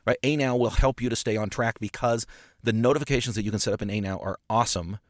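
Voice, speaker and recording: Talking fast in a fairly low voice, a man sits in a parked car with a studio microphone for his casual podcast monologue. As the host and an appraiser coach, he's passionate and emphatic, leaning on fillers and repeating words, and the recording is dry.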